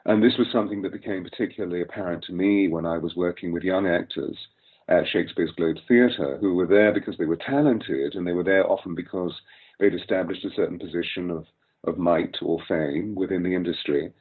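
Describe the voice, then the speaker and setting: Older RP-accented male voice coach, very low voice, articulate lecturing delivery, tinny phone-like recording. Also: fairly quick, husky. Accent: Received Pronunciation. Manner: articulate, lecturing, long flowing sentences. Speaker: voice coach guest. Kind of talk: expansive interview explanation.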